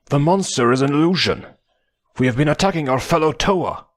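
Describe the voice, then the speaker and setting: A man voicing a blunt male warrior hero in an audiobook, shouting in a raised, urgent voice. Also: expressive, brisk, lightly acted. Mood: alarmed. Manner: shouting, urgent, high and loud.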